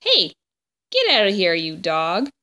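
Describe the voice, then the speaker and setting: A woman voicing a raving man who calls himself king of the garbage, shouting slowly in a storybook read-aloud. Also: mid-range voice, wildly swooping pitch, full character voice. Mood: furious. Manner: shouting, slow and possessive.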